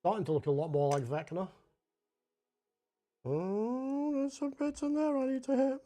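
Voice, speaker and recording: A man's voice: very high-pitched, fairly even intonation, unhurried, mellow. A young man with a Scottish accent chatting casually and rambling while he paints on a livestream, swearing freely and saying "like" a lot.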